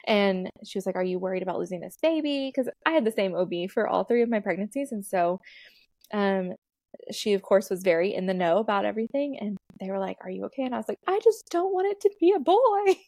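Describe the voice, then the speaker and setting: A woman's voice: mid-range voice, quick pace, darkish tone, no room sound, studio quality. Chatty woman telling her birth story. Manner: chatty, laughs often, many fillers. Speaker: podcast guest, birth doula. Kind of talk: casual storytelling interview.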